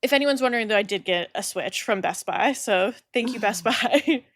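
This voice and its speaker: A woman's voice: fairly high pitch, moderate pace, no echo, clean studio sound. A young pregnant woman co-hosting a podcast, telling a story casually and acting out the other people in it with a laugh here and there. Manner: animated, acts out quoted voices, laughs often. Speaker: podcast co-host.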